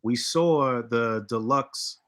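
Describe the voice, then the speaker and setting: Bright-voiced man, casual and emphatic. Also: medium pitch, slow. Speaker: podcast co-host. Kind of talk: casual live-stream chat.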